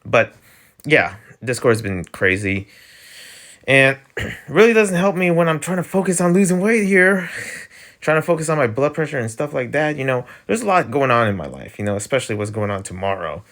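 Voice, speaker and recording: A man rambling through a casual vlog rant at a middle pitch. He's sarcastic and loose, leaning on fillers and breaking into chuckles. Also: sing-song, moderate pace, fairly bright tone. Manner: chuckles between lines. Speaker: channel host.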